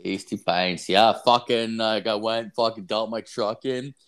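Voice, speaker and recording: A man's voice: on the low side, steady tone, measured pace, clean tone. A young man hosting a podcast, telling a story in a rambling, profane, casual way with lots of filler words.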